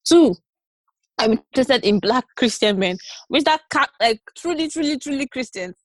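A woman's voice: high voice, lively intonation, moderate pace, no room sound. Young woman, podcast chat, sassy, laughing, dismissive, dry close mic. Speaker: podcast co-host. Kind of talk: casual chat.

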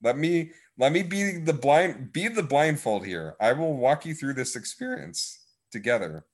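A man's voice: medium pitch, expressive, unhurried. A man hosting a casual gaming podcast, joking and rambling, often tripping over his words. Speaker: podcast host. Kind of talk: casual gaming news chat. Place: home room with a window.

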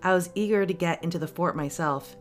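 Low-voiced woman reading a story. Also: a little fast, faint music behind. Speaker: podcast host.

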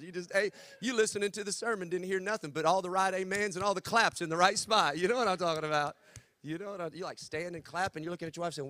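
A man's voice: high-pitched, fast, bright, forceful tone, no room sound. Joking Southern preacher man. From Texas. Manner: playful, joking, drawls "y'all". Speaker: guest preacher. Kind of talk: sermon.

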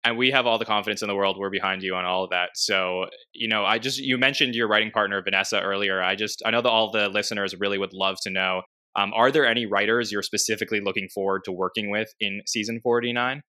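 A man's voice: fairly low pitch, fairly even intonation, fast, bright, forceful tone. A man hosting a podcast interview, upbeat and promotional as he asks questions and wraps up. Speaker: podcast host. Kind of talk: casual interview.

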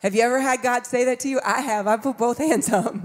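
A woman's voice: on the high side, steady tone, quick pace. A woman in her fifties preaching a sermon in a conversational way, acting out voices and laughing along. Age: 50s. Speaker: pastor.

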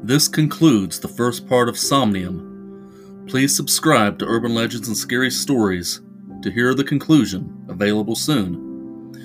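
Male podcast host reading horror fiction; measured, ominous narration over faint music. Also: medium pitch, expressive.

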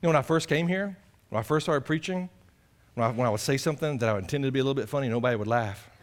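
A male pastor preaching an animated, impassioned sermon. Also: mid-range voice, very fast. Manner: animated, impassioned, acts out voices of others.

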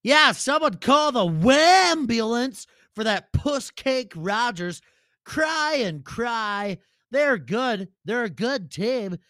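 Crude, cocky loudmouth fan, man doing the voice, pitched high. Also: no echo, studio quality, exaggerated voice. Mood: mocking. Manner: cocky, profane trash talk. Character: brash, crude loudmouth male football fan.

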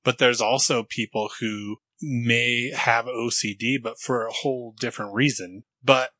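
A man's voice: medium pitch, steady tone, a little slow, sharp tone, no room sound. A man co-hosting a podcast, thinking aloud in a thoughtful, hedging way during casual chat. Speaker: podcast co-host.

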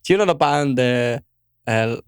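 A man co-hosting a podcast in casual chat, teasing and swearing freely, often clearing his throat. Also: mid-range voice, animated, normal speed, dry recording, studio quality. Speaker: podcast co-host.

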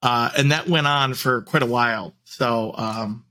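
A man's voice: medium pitch, measured pace, sharp tone. A young man in casual conversation, chatty and easygoing, often filling his sentences with "like" and restarting them. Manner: chatty, heavy use of "like" and restarts. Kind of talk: casual chat.

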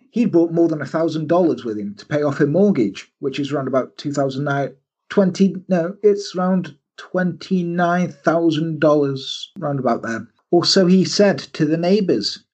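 A man hosting a podcast, telling a story in a casual, animated way and often breaking into silly voices. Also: fairly high pitch, normal speed, slightly rough. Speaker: podcast host.

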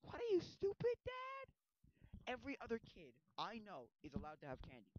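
A man's voice: very high voice, huge pitch swings, normal speed, darkish tone, slight background noise, voice pushed up, full character voice. A man voicing a whiny young boy sarcastically talking back to his father. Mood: indignant. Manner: sarcastic, whining complaint. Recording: dull lo-fi sound.

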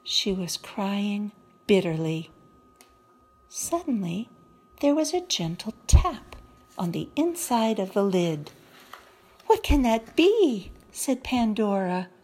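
A woman reading a children's story aloud in a gentle, expressive manner, then closing the story with a short reflection. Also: mid-range voice.

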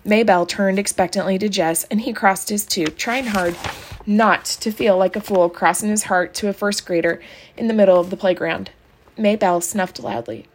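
Woman calmly reading a children's novel. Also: mid-range voice, moderate pace, slight background noise. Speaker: audiobook reader. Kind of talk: storybook narration.

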